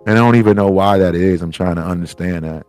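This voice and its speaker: A man's voice: sits low, quick pace, darkish tone, dry recording, soft background music. A man hosting a solo podcast, thinking aloud in a rambling, profane, heartfelt way. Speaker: podcast host. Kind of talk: solo reflective monologue.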